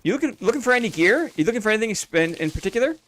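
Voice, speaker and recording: A man's voice: high voice, lively intonation, very fast, a bit bright, a little hiss or hum. A man from Canada, streaming a game live and chatting with his viewers in a goofy, joking way. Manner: goofy, jokey, chatty with chat.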